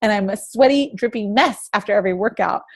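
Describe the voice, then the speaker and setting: Energetic woman leading a team call. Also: mid-range voice, fast. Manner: energetic, rhetorical questions. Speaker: team leader. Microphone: video call.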